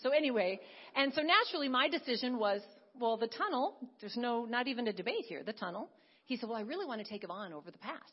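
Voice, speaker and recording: Breathy woman preaching a heartfelt testimony. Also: on the high side, lively intonation, quick pace, muffled recording. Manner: earnest storytelling, swings from hushed to emphatic. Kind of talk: sermon testimony.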